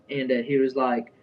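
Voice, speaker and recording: A young man tells a story in a loose, rambling way, full of fillers and restarts. His voice sits at a middling pitch. The sound is dull and a bit distant from the mic. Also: darkish tone. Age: young adult. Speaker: vlogger. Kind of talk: casual storytelling.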